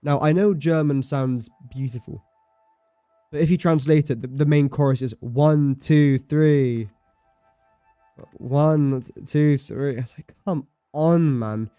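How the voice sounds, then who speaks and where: Over soft background music, a young man streams a game and chats casually in a voice on the high side, mellow, clear and resonant. He takes it slowly, rambling and fixing his own words as he talks. The recording is dry.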